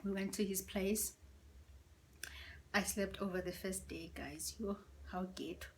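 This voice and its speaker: A woman tells a storytime vlog at home, in a hushed, half-whispered, gossipy way. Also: medium pitch, steady tone, measured pace, slight background noise. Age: 30s. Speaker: vlogger. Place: indoors at home.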